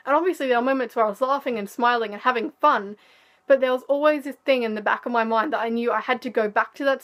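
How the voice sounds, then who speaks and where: Teen girl telling a candid storytime. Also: a little high. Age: teens. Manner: candid, sarcastic, animated. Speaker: vlogger. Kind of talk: storytime vlog.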